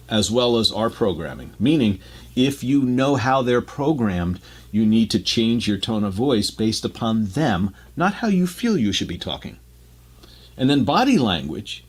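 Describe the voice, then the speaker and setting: A man's voice: mid-range voice, slightly rough. Chatty male radio co-host. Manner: explanatory, loose and chatty with restarts. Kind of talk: casual radio talk.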